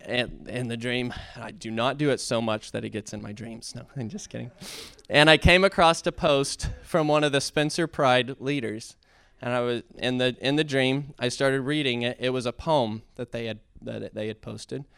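Male speaker, earnest church testimony; smooth, resonant tone, halting delivery that rises into passionate preaching, dry recording. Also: medium pitch, fairly even intonation, a bit bright, no room sound. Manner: earnest, halting, with many fillers and restarts; builds to impassioned preaching. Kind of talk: heartfelt testimony sermon.

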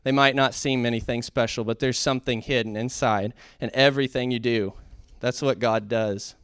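A preacher delivers an informal, conversational sermon that at times rises to fervent emphasis, restarting along the way. His medium-pitched voice has fairly even intonation and a moderate pace, sounding fairly bright, clear and resonant in a studio-quality recording with no echo.

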